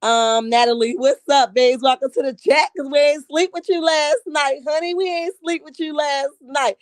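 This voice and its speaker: Sassy woman chatting live, higher voice. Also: steady tone, moderate pace, dry recording, clean studio sound. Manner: sassy, blunt, calls everyone honey. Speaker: livestream host. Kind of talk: casual live-chat commentary.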